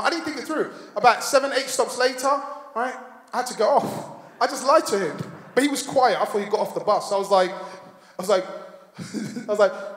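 A man's voice: sits high, a little fast, fairly bright tone. A man performing a stand-up comedy set, telling a story with acted-out voices. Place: large hall on stage. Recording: reverberant hall, faint noise.

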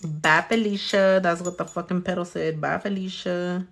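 Her voice is mid-range and gravelly, steady in tone and a little slow. The speaker, a young woman nail artist, does her nails on camera in a casual vlog, swearing freely, talking to her hands and herself, and sprinkling in Spanish phrases.

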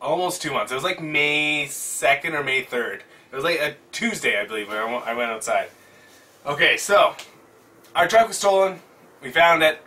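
A young man casually telling a story at home, animated and excitable, swearing now and then. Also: fairly high pitch, moderate pace, far from the mic. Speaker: vlogger. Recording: voice from off the mic.

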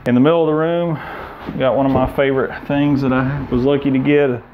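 Relaxed man touring his workshop. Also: medium pitch, fast talker, narrow, tinny audio, slight background noise. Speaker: shop owner giving a tour. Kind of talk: casual walkthrough tour. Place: indoor workshop.

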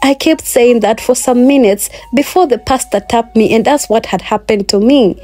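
A woman's voice: on the high side, moderate pace, dark tone. A woman narrating a first-person moral folktale, speaking in an earnest, moralizing way. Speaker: storyteller.

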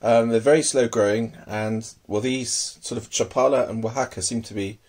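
Bloke rambling about his pets at home, lots of ums, mumbles softly to them, mid pitch. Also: fairly even intonation, normal speed. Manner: hesitant, many ums, murmurs fondly to his pets. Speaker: tarantula keeper. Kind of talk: casual hobby video.

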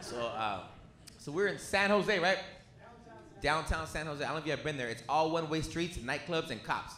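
A man doing a crude, animated stand-up comedy set on a club stage, slipping into put-on voices as he tells stories. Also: fairly high pitch, moderate pace. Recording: echoey club with noisy crowd. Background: audience laughter.

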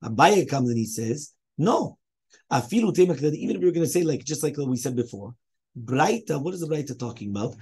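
A man's voice: medium pitch, animated, fast talker, darkish tone, breathy edge. A man, a rabbi, teaching a Talmud lesson, explaining step by step as he poses questions and answers them.

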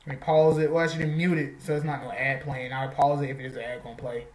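A man's voice: mid-range voice, little pitch movement, fast talker, darkish tone, reverberant, low-quality recording. A man with an American accent hosting a casual reaction video, rambling and correcting himself as he goes. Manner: rambling, restarts and self-corrections. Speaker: host.

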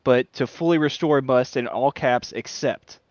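A man's voice: mid-range voice, unhurried, darkish tone, dry recording, lo-fi sound. A man playing in a tabletop game, laughing, swearing and reading from his notes. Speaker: player. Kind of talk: casual chat at a tabletop game.

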